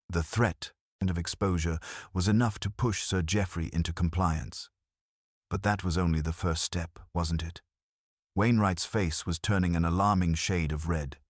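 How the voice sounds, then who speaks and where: A man with a very deep voice reads a scripted mystery story in a measured, even manner. The sound is dry and close, with no room in it. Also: no echo. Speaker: narrator.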